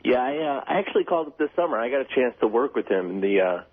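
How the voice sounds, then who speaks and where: A man's voice: mid-range voice, very animated, fast talker. A male caller phoning in to a radio show, talking in a casual, laid-back way. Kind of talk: phone-in call. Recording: tinny phone line.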